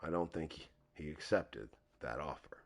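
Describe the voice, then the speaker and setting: A man's voice: a bass voice, a little slow, creaky. A man hosting a live wrestling video game show, commentating in a hyped, rambling way. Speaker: host.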